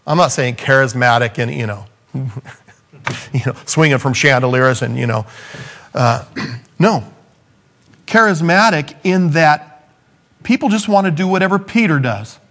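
A man preaching a sermon, acting out the scripture quotes and rising up in pitch for emphasis, then dropping low on key points. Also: expressive, a little slow, pauses often, a bit bright.

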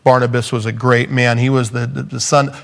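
A man preaching a sermon, acting out the scripture quotes and rising up in pitch for emphasis, then dropping low on key points. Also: level tone, a little fast, vocal fry.

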